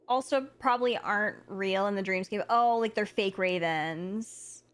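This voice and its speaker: A woman's voice: mid-range voice, measured pace, hardly any pauses, fairly bright tone, clear, resonant tone. A woman streaming a game live, chatting casually and thinking aloud with lots of fillers.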